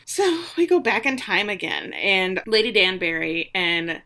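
A woman with a bright, ringing voice recaps a TV episode in loose, casual chat. She swears freely and jumps into the characters' lines as she tells the story. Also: mid-range voice, unhurried. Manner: animated storyteller, swearing, acting out quotes. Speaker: podcast co-host recapping a TV episode. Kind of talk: casual chat, retelling scenes.

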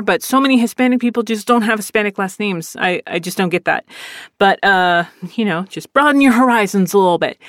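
A woman's voice: mid-range voice, dry recording, studio quality. Candid, profane woman podcast host. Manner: candid, profane, animated storytelling with laughs. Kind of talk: casual solo podcast talk.

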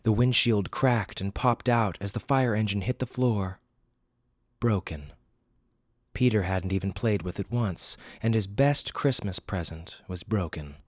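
A man's voice: on the low side, a little slow, no room sound, studio quality. A man hosting a fiction podcast who reads a dramatic story aloud expressively, then adds wry casual asides. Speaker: podcast host and story narrator.

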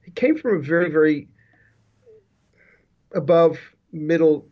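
Over dull, lo-fi video-call audio, a man who works as a business leadership consultant recounts his life as an interview guest. He speaks unhurriedly in a fairly high voice with lively intonation, rambling, restarting frequently and adding asides.

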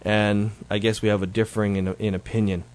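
A man's voice: fairly low pitch, level tone, fairly quick. A man hosting his show, giving a casual, rambling update that is full of self-corrections. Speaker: show host.

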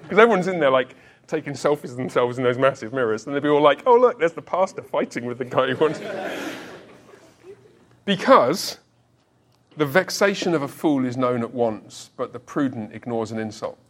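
A pastor in his forties preaches with a mid-range voice. He tells his story with self-deprecating humor and often stumbles and restarts his words. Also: medium pitch. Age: 40s. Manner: halting restarts, repeats words. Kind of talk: sermon.

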